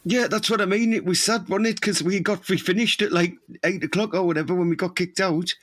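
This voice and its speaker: High-voiced man, crude banter. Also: brisk, a bit bright, no echo. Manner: blunt, laddish, rambling. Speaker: podcast co-host.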